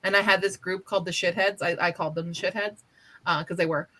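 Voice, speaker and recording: A woman in casual chat, an animated storyteller who swears freely and acts out quotes. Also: on the low side, quick pace, rough recording.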